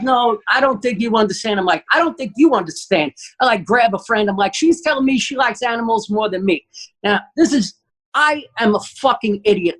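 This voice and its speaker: A man, a guest comedian telling an animated, profane story and acting out the quotes. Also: high voice, rough recording.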